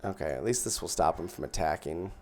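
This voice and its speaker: A man's voice: low voice, expressive, a little fast, a little mellow. A man giving casual gameplay commentary as host, thinking aloud and counting out his mana as he plays. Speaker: gaming channel host.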